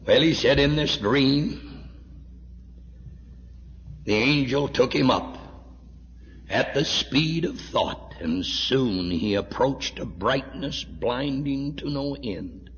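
A man preaching a sermon, telling a story dramatically and swinging from hushed tones to shouts. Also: medium pitch, expressive, slow, long pauses, slight background noise. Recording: dull echoey hall recording.

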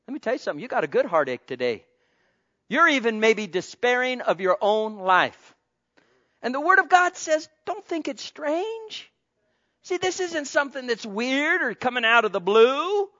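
A high-voiced man preaches a sermon. He moves from hushed pleading to ringing exclamations, calling out to his congregation. The recording sounds dull and lo-fi. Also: very animated, brisk. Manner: impassioned, swinging between soft pleading and loud exclamation; calls out to the congregation.

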